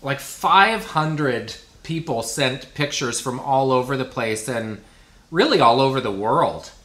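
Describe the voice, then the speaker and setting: A man's voice: mid-range voice, lively intonation, measured pace, fairly bright tone, roomy sound. A man chatting casually with a co-host, upbeat and talkative. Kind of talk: casual chat.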